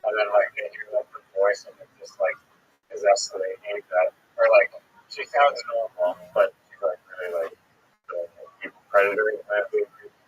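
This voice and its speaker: A man's voice: on the low side, steady tone, moderate pace, breathy edge. A man hosting a livestream, rambling casually with lots of filler words, in a dull lo-fi recording. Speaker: livestream host. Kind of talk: casual chat. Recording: dull lo-fi stream audio.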